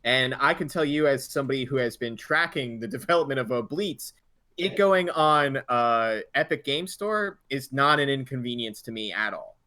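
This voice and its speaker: A man co-hosting a gaming podcast in casual chat, thinking out loud with restarts and fillers. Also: mid-range voice, lively intonation, normal speed, no room sound. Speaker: podcast co-host.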